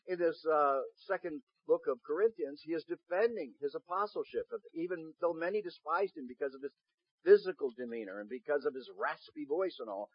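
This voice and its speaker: A man with a somewhat high, husky voice delivers a sermon. He reads scripture at a measured pace, then presses his points loudly and has the congregation repeat phrases after him. The recording is dry and muffled. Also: animated, no echo. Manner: reads scripture slowly, rising to loud emphatic preaching. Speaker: pastor.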